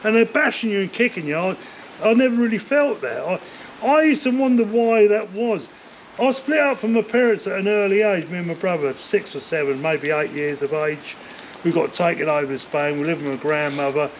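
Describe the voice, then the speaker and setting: An older man, telling rough stories from his past in a rambling interview, swearing often and filling gaps with "like, you know.". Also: high-pitched, a little fast. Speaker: interview guest, former bare-knuckle fighter. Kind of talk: casual storytelling interview. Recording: dull lo-fi sound with faint noise.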